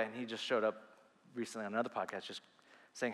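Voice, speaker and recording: A man preaching a sermon as pastor, earnest and animated, with quick asides and restarts. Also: mid-range voice, big-room sound.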